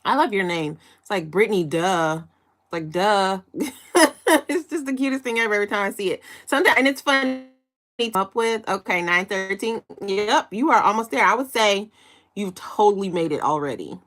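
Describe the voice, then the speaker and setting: Brisk and animated, a young woman from Chicago hosts a casual live stream, her mid-range voice fairly bright. In her 20s, she giggles, chats, and reads out what viewers write.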